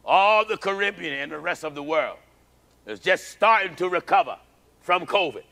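Pastor, male; bright, forceful sermon delivery with wide swings. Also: moderate pace, gravelly. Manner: animated preaching, acts out childhood prayers in high cries.

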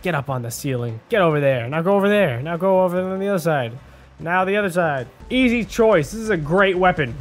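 A man doing casual gameplay commentary, chatty and excitable, often talking to the character on screen. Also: sits high, fairly quick, faint music behind. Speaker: gaming video host. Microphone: desk microphone.

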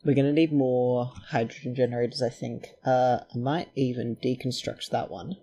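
A man giving chatty gameplay commentary, talking to himself and his characters and quickly getting excited. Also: mid-range voice, a little hiss or hum. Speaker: let's play host.

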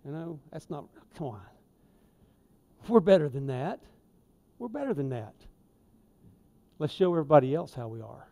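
A man preaching a sermon in a church, folksy and conversational, with emphatic asides and swings in loudness. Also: a little high, animated, moderate pace, long pauses. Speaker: lay preacher. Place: church sanctuary.

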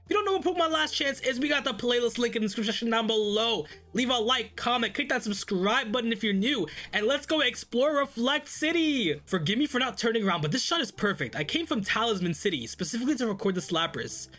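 A man hosting a let's play, reacting excitably and laughing often in slangy casual commentary. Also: extremely high pitch, fast, few pauses. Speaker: gaming channel host.

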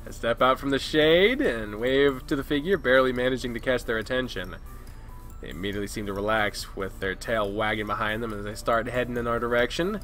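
A man playing through a visual novel, reading the narration aloud in a casual style and reacting loudly between passages. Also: mid-range voice, a little fast, soft background music.

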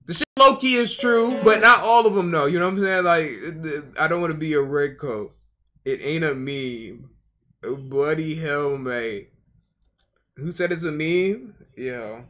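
A male streamer with a bright, forceful voice that sits a little high, talking in loose slang over a video he is watching. He rambles and keeps circling back to the same phrases in a casual reaction style. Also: animated, normal speed, hardly any pauses. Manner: slangy, rambling, repeats himself.

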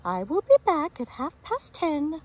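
A woman's voice: high voice, sing-song, measured pace, a little mellow, pitched above the performer's own voice. A woman voicing a fond mother hen in a storybook read-aloud, clucking in a caring way.

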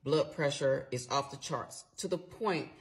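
A woman's voice: sits low, unhurried. A middle-aged woman vlogger telling a personal story in a casual storytime style, emotional and blunt, swearing freely and talking straight to her viewers.

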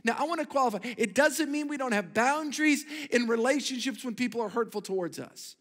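Pastor, male, high-pitched, fervent sermon delivery with call-and-response, long hall reverb. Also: brisk, a bit bright. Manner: emphatic preaching, calls on the congregation to repeat words. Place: church sanctuary.

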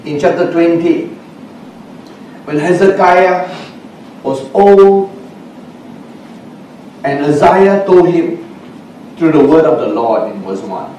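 A man preaching a sermon as a pastor. He speaks slowly, dropping to a hush at times and rising to shouts for emphasis. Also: fairly high pitch, expressive. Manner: slow, swings from hushed to shouting with emphasis. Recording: echoey hall, recorded from a distance with faint background noise.

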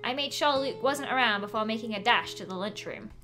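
A woman's voice: a little high, animated, faint music behind. A woman reading fan fiction aloud with a friend in a teasing, laughing way. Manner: teasing, bright and quick to laugh. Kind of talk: playful comedic reading with a friend.

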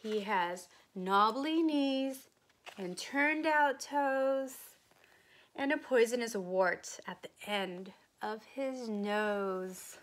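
A woman teacher reading a picture book aloud to a child, expressive, pausing to ask questions. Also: mid-range voice.

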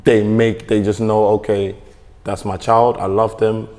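A man's voice: fairly low pitch, level tone, unhurried, darkish tone, big-room sound. A man with a London accent talking earnestly in casual conversation, with many "you know" fillers. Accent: London English. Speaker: basketball player.

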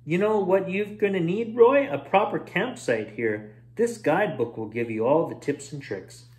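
Man voicing a sly storybook gopher, quick and wheedling, pitched up high. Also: animated, darkish tone. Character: sly fast-talking male gopher schemer.

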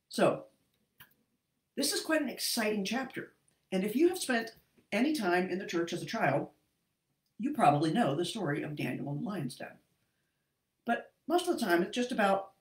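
A woman's voice: lowish voice, echoey room, rough recording. A woman teaching an online Bible lesson, reading scripture expressively and adding jokey asides, heard over an online call.

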